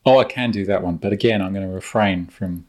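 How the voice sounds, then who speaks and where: A man with a Cockney accent co-hosting a casual podcast. His voice sits a little low, and he talks in a dry, hesitant way with plenty of ums. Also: brisk. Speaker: podcast co-host. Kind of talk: casual chat.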